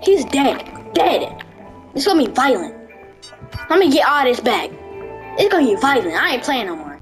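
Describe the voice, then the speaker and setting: A high-voiced woman rattles off excited gameplay commentary, her voice leaping up and down as she trash-talks the characters on screen. She shouts at the game in bursts. Loud game music plays steadily under her voice. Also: normal speed, poor audio. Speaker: gaming video creator.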